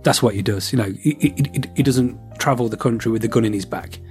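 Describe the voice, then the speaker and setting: A man co-hosting a podcast, chatting casually and rambling, with quick switches as he acts out lines from a story. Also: medium pitch, darkish tone, faint music behind. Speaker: podcast co-host. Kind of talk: casual chat.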